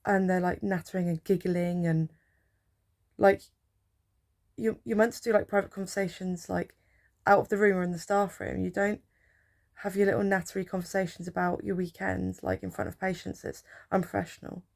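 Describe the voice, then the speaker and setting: A woman's voice: mid-range voice, little pitch movement, moderate pace, gravelly, darkish tone. A young woman, a healthcare support worker, telling a rambling, chatty story while drowsy from painkillers. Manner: chatty, rambling, with filler words. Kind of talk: casual storytelling vlog.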